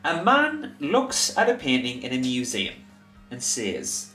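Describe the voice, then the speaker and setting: A man's voice: mid-range voice, wildly swooping pitch, takes it slowly, pushed and bright, reverberant, faint music behind. A man vlogging at home at night, chatting casually and working through a riddle. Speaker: vlogger, co-host. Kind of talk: casual chat.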